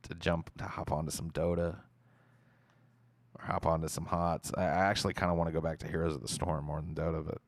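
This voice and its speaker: A man streaming, casually answering viewer questions in a relaxed, rambling way and swearing freely. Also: extremely low pitch, fairly quick, no echo.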